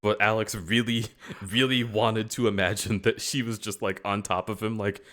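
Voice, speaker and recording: A man's voice: on the low side, flat delivery, normal speed, fairly bright tone. A man hosting a livestream, casually retelling scenes and acting out the characters he quotes. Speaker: livestream host. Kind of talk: casual chat.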